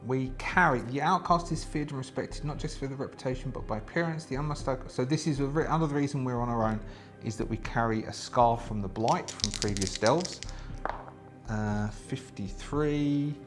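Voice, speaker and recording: Over faint music, a man of ordinary pitch hosts a solo tabletop game at a moderate pace, reading the rules aloud and weighing his options. He's chatty and thinks out loud, with many fillers and frequent restarts.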